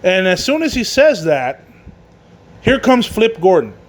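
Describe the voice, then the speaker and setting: A man's voice: high-pitched, very animated, unhurried. A man hosting a casual solo wrestling review, rambling and swearing, with many fillers and restarts. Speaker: wrestling podcast host.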